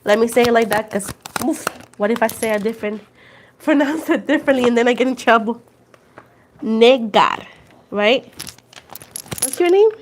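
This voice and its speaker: With a higher, expressive voice and a moderate pace broken by long pauses, a Puerto Rican tarot reader in her twenties chats casually on her livestream. She laughs a lot and moves between English and Spanish, with slight background noise behind her.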